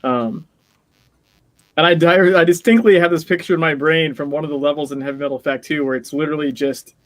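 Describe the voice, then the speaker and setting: Man, fairly high voice, dry close sound, rambling, laughing, casual co-host chat. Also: steady tone, fairly quick, no echo. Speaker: podcast co-host.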